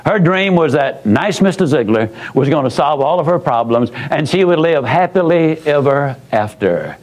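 High-voiced, emphatic motivational speaker man. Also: expressive, low-quality recording. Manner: folksy, emphatic, with dramatic pauses and repetition. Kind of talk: motivational storytelling speech.

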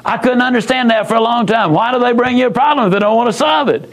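A man with a high-pitched voice tells a story as a motivational speaker. He talks in a folksy, emphatic way, with repeated phrases and dramatic pauses. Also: rough recording.

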